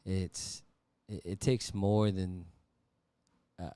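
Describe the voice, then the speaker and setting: A man's voice: low voice, little pitch movement, drawn-out words, warm tone, clear, resonant tone, no room sound. A man co-hosting a podcast, reacting with awe and thanking his guest in casual chat. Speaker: podcast co-host.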